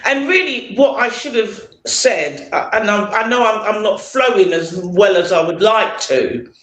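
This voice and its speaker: A woman singer as an interview guest, reminiscing in casual chat and pausing often with fillers. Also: medium pitch, animated, a bit bright. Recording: roomy echo.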